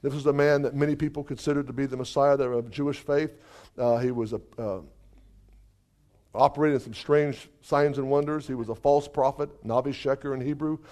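A male preacher telling a testimony in a sermon, lively and dotted with hallelujahs and chuckles. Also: medium pitch, fairly quick. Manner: animated, exclamations of hallelujah, chuckles.

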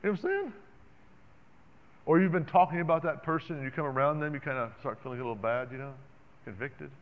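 A man preaching a sermon in an animated, conversational way, calling out to the congregation. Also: a little high, fast. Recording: dull sound with long reverb in a hall.

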